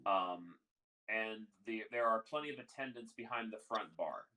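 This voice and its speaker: A man's voice: on the low side, moderate pace, bright, forceful tone, rough recording. A man narrating as game master in a casual, rambling way. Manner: casual, lots of fillers and restarts.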